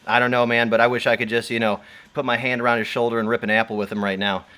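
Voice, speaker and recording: A man's voice: mid-range voice, level tone, quick pace, sharp tone. A man hosting a casual livestream, rambling with many fillers and frequent laughs. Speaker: host.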